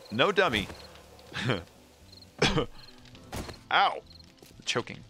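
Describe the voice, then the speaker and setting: Chatty bright-voiced man gaming. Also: mid-range voice, sing-song, extremely slow, soft background music. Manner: rambling, chatty, trails off with fillers. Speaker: gaming channel host. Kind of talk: casual chat while playing a game.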